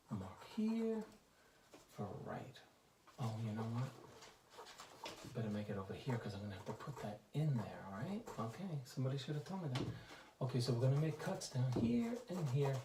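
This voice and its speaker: Chatty male tradesman demoing wallpaper hanging; echoey room, steady noise behind. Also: fairly high pitch. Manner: chatty, joking asides to viewers; talks while working, drifts from the mic. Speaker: wallpaper installer. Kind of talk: hands-on how-to demonstration. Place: indoor room being wallpapered.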